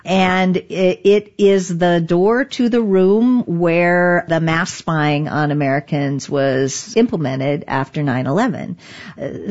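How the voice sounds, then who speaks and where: A middle-aged woman who is a digital rights lawyer tells stories about past events as a guest in a conversational interview. Her low voice is animated, she laughs often and restarts sentences a lot, and the recording is slightly muffled and lo-fi.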